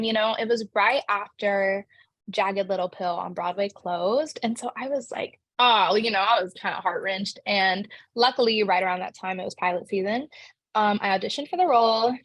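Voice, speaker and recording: A woman's voice: fairly high pitch, no room sound. A young woman, an actress, answering interview questions in a bubbly, chatty way, full of "like" fillers.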